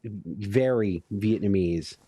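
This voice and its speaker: A man's voice: lowish voice, slow pace, dark tone, slightly rough, no echo. Sardonic man on a casual stream. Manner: sardonic, joking. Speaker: stream co-host. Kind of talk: casual chat.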